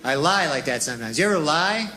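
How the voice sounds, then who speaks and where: A man doing a deadpan, rambling stand-up routine full of folksy asides. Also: a little high, fast. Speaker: stand-up comedian. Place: comedy club stage with laughing audience. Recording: live club recording with crowd and noise.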